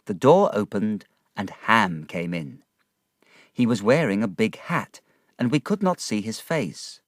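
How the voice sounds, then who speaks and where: Slow, lively storybook narrator man. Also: on the low side, no room sound, studio quality. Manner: slow, clear, careful. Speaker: reader of graded stories.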